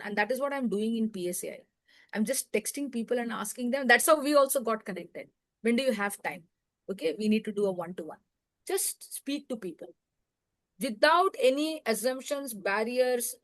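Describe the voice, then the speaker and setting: A middle-aged woman with a fairly high voice answers interview questions, earnest and unhurried. Her advice comes in measured phrases broken by small pauses. The recording is close and dry. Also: dry recording. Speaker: podcast guest.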